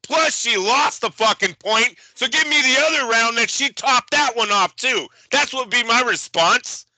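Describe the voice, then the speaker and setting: High, sharp-voiced male co-host, angry profane rant, dry close mic. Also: lively intonation, normal speed, no echo, low-quality recording. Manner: ranting, profane, fired-up. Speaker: boxing show co-host. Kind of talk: heated casual podcast chat.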